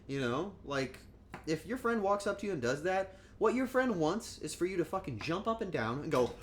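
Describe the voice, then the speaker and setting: A man's voice: fairly high pitch, very animated, a little fast, a little hiss or hum. A man chatting casually on a cooking stream, joking and rambling, and acting out quotes in goofy voices.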